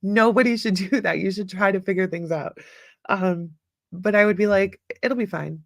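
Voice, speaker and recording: A woman's voice: medium pitch, fairly even intonation, normal speed, no echo, clean studio sound. A middle-aged woman hosting her own podcast, talking casually and upbeat, laughing often and filling her talk with fillers. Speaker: podcast host. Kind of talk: casual solo talk with listener comments.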